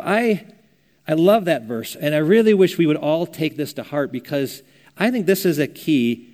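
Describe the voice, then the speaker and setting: A man's voice: mid-range voice, a little mellow. An older man preaching a sermon as a pastor, earnest and conversational, telling stories as he teaches. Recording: long reverb of a church hall.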